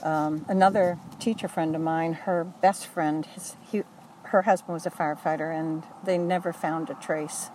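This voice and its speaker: Older woman, low-ish voice, earnest and halting storyteller; mic set back, traffic loud behind. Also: steady tone, distant mic, rough recording. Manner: earnest, halting, with self-corrections. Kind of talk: oral history recollection.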